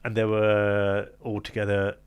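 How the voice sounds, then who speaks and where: A man's voice: on the low side, measured pace, clear, resonant tone. A man in his thirties from London, a magician, telling stories in a casual interview and acting out the quoted lines of other people. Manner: animated, acts out quoted dialogue, laughs often. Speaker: magician guest.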